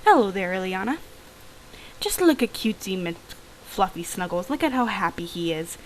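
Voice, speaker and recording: A woman's voice: mid-range voice, lively intonation, normal speed, a little hiss or hum, close to an everyday voice, poor audio. Bubbly pet-loving villager, read aloud by a woman; cooing, rambling, game dialogue.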